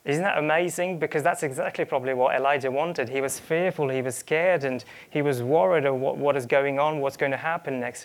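A male preacher delivers a sermon in an earnest, searching way, often stumbling over and restarting his phrases. His voice carries a gravelly edge at a middling pitch. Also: a little fast. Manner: earnest, with frequent repeated starts and quoted asides.

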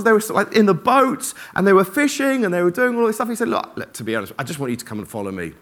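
A man preaches to a congregation in a church, mixing scripture with personal anecdotes. He talks in an animated, self-deprecating way, often jumping into the voices of his own inner thoughts. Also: high-pitched. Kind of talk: informal sermon with personal stories.

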